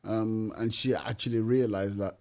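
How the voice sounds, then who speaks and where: A man interviewing a guest in a casual chat, asking soft, encouraging questions. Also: fairly low pitch, steady tone, moderate pace.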